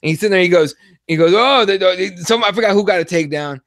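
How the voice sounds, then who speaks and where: Brief: young man, high pitched, animated and foul-mouthed podcast co-host, dry close sound. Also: fast, no echo. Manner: profane, animated storytelling. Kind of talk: casual chat.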